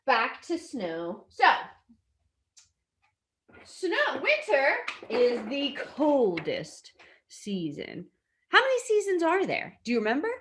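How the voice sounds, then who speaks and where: Preschool teacher, woman: high sing-song voice, unhurried, big gasps, reads stories to little kids. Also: fairly bright tone. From lives in a hot desert city in the US west. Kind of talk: reading a storybook to young children.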